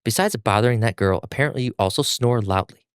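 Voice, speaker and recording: A man's voice: lowish voice, quick pace, smooth, no room sound, studio quality, close to an everyday voice. A man voicing an earnest, kind-hearted teenage boy swordsman who speaks firmly. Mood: gentle.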